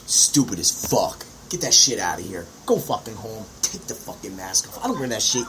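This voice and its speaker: A man hosting his own podcast, ranting in a brash, profane monologue with sudden high yelps. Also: very animated, normal speed, a crowd in the background, rough recording. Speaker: podcast host.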